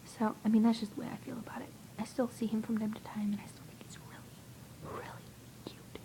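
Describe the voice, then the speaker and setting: A young woman vlogging to a friend, talking mostly in a hushed whisper and rambling with hesitant fillers. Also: on the high side, little pitch movement, a little fast, low-quality recording. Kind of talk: casual whispered video chat to a friend.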